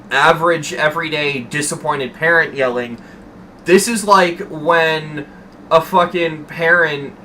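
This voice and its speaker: A young man talks to his stream chat in a rambling, animated way, swearing freely. His voice sits a bit high and sounds bright and forceful. He speaks casually and unscripted, as if chatting with friends. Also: a little hiss or hum.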